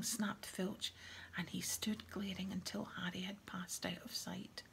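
A woman narrating an audiobook in a soft, breathy reading voice. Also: mid-range voice, flat delivery, a little slow, whispered.

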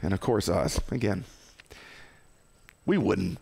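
A man preaching a sermon as pastor, impassioned, swinging between loud outbursts and hushed low tones. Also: lively intonation, takes it slowly, creaky, husky.

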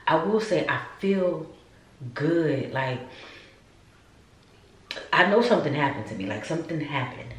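A woman's voice: sits low, big pitch swings, unhurried, long pauses. A woman vlogging from home, chatting casually and talking straight to her viewers. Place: upstairs room at home. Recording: roomy echo, mic at a distance, faint background noise.

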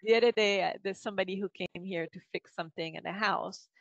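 A Canadian woman with a Quebec French accent talks as a podcast guest, choosing her words with fillers and restarts and laughing often. Her voice is medium in pitch. The sound is dry and a little dull. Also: steady tone, quick pace, vocal fry, dry recording. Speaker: guest linguist. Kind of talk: podcast interview.

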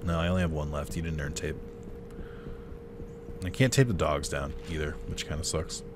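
A man's voice: extremely low pitch, steady tone, moderate pace, background noise. A man giving casual let's-play commentary on a game, chatty and laughing, swearing freely at what happens on screen. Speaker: gameplay commentator.

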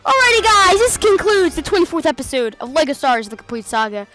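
A woman hosting a let's play video, giving excitable, playful commentary over the game and mimicking the characters. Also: extremely high pitch, fast, soft background music. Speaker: gaming channel host.

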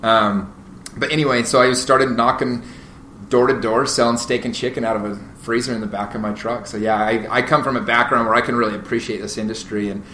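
A man, a guest on a podcast, telling stories in a casual, animated way with many fillers and restarts. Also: medium pitch, fairly quick. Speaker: podcast guest, real estate agent. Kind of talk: casual interview storytelling. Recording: roomy echo, faint noise.

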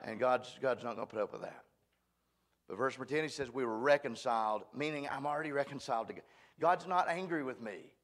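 A man's voice: mid-range voice, a little fast, fairly bright tone. A man preaching a sermon at a church, folksy and emphatic, joking at his own expense. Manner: folksy, emphatic, self-deprecating. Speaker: guest preacher.

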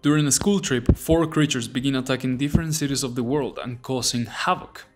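A man narrating a language lesson, repeating phrases slowly and deliberately. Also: mid-range voice, soft background music. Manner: slow, deliberate repetition of phrases. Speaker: language teacher.

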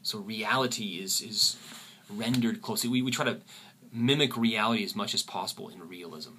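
A man teaching a literature lesson, often pausing and repeating words as he thinks. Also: on the low side, bright, forceful tone, slight background noise. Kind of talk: recorded lecture.

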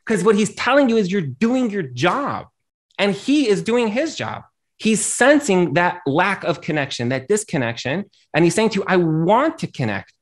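A man's voice: sits high, very animated, moderate pace. A man, a rabbi and accountant, giving earnest marriage advice on a talk show and often repeating his phrases.

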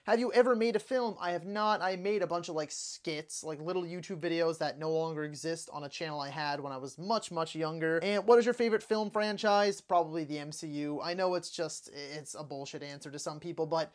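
A young adult host in their twenties answers viewer questions on a movie channel in a relaxed vlog. They talk chattily, with plenty of "like" fillers and quick self-corrections, in a mid-range voice. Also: medium pitch. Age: 20s. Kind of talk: casual Q&A vlog.

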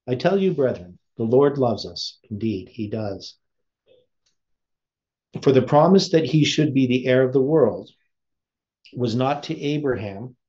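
A man's voice: mid-range voice, dark tone, dull audio. A man preaching, reading a sermon aloud with his own commentary and asking the listeners rhetorical questions.

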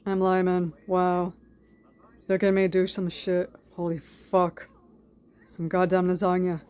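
A woman's voice: lowish voice, completely flat delivery, a little slow, a little mellow, clean tone, close to an everyday voice. A woman voicing an offhand adult man from a cartoon, speaking in a profane, matter-of-fact way in her own voice. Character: easygoing adult man, a cartoon dog owner.

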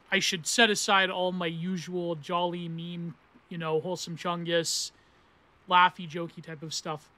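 A man of thirty with a high, bright voice hosts a casual book review podcast. He rambles and corrects himself as he goes. Dense academic terms run alongside internet meme slang. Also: dry recording. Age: 30s. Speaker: podcast host reviewing philosophy books.

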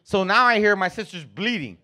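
A man's voice: high voice, lively intonation, a little fast, sharp tone. A man doing stand-up comedy, telling profane family stories and acting out his relatives. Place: comedy club stage.

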